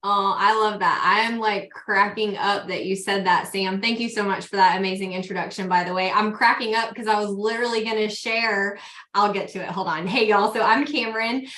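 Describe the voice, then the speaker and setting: A chatty woman with a Southern country accent tells her story in an upbeat way. Her tone is bright and forward. It is heard over a video call with a roomy echo. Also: medium pitch, fairly even intonation, brisk. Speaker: sales team mentor. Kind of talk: casual team video call.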